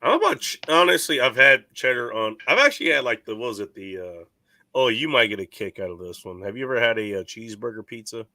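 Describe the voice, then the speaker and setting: A man's voice: medium pitch, big pitch swings, quick pace, sharp tone, dry recording. A man hosting a casual podcast chat, brash and profane, rambling between points.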